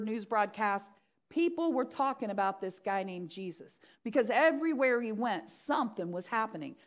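Middle-aged woman pastor giving a sermon, voice goes way up and down, acts out the people in the story. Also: on the high side.

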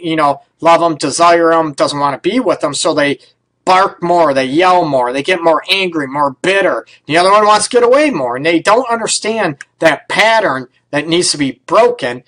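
Guy counselor doing a radio advice show, a bit higher voice, super casual, lots of "right?" and "you know". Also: fairly bright tone, rough recording. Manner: conversational, frequent "right?" and "you know", blunt with mild swearing. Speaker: relationship counselor and radio host.

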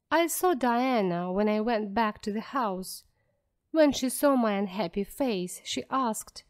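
Slow clear woman reading a story. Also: a little high, lively intonation. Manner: clear, careful and deliberate. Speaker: audiobook narrator. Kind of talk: slow graded-reader narration for learners.

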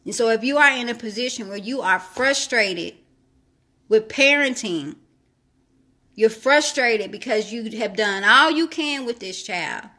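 Expressive and a little slow, a woman with a sharp tone and a voice on the high side preaches a devotional. She reads scripture, adds her own commentary, and repeats phrases to urge listeners to trust God.

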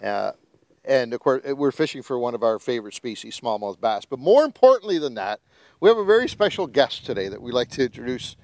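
A man's voice: mid-range voice, sing-song, fairly quick, a little mellow. A man hosting a fishing show, presenting the lake and introducing a guest. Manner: upbeat introducing.

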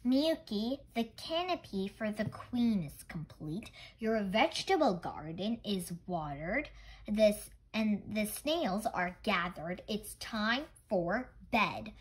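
A woman voicing a patient, weary old grandfather who gently coaxes a child to bed. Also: medium pitch, very animated, slow, slightly rough, full character voice, low-quality recording. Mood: coaxing. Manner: coaxing, repeating gently.

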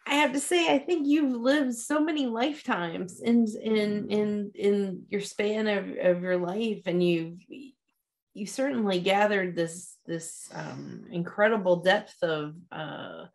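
A woman's voice: mid-range voice, a little slow. A woman hosting an interview, speaking hesitantly with repeated words as she praises her guest. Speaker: host. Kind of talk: casual interview chat.

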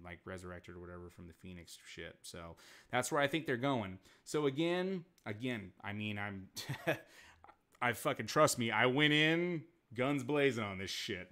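A man streaming casual commentary, rambling and swearing often as he recaps scenes with quick voiced asides. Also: medium pitch, fairly bright tone. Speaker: streamer reviewing comics and shows.

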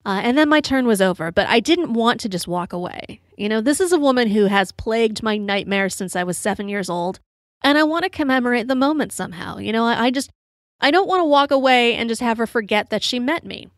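A woman's voice: fairly high pitch, animated, brisk, no room sound, clean studio sound. A woman hosting her podcast, telling rambling stories with lots of fillers while a bit tipsy from drinking. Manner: chatty, rambling, many "you know" fillers, laughs at own story. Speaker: podcast host. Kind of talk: casual storytelling monologue.

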